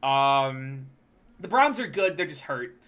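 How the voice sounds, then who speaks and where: Game streamer mid-rant: animated delivery with a bright, forward tone. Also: medium pitch, takes it slowly. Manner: animated, profane sports ranting. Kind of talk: casual rant while live-streaming a game.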